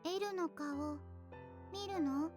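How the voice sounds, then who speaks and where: A woman voicing a quiet, odd young girl with a blunt, flat manner, in game voice acting. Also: sits high, unhurried, music in the background. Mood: deadpan.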